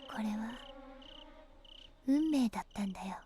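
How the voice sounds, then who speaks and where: A voice actress playing an eerily calm teenage girl in a game, speaking softly and sometimes dropping to a whisper. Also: medium pitch, fairly quick, lightly acted. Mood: eerie calm. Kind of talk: Japanese game voice acting.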